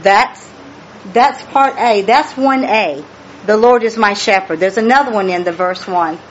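A woman's voice: mid-range voice, measured pace, lo-fi sound, a little hiss or hum. A woman leading a Bible study, reading scripture aloud, explaining it and repeating key phrases for emphasis.

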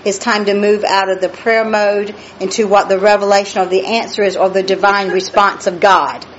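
A woman's voice: mid-range voice, flat delivery, normal speed. A woman preaching a Bible study sermon, emphatic and drawn out, questioning her listeners and exclaiming praise. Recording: dull lo-fi recording with faint noise.

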